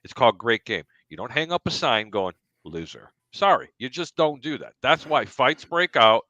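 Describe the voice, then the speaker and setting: A man rants with blunt opinions on a casual sports talk show. His bright voice has a lively, swinging pitch. The sound is dry, with no room echo. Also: normal speed, lo-fi sound.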